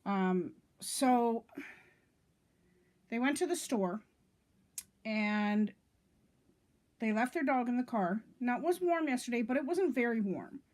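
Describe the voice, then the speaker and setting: A woman's voice: on the high side, expressive, takes it slowly, pauses often, darkish tone. A middle-aged woman talking straight to her viewers in a casual vlog, indignant and rambling, with lots of "um" and "okay?" along the way. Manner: indignant, rambling, many fillers and "okay?" checks. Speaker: vlogger.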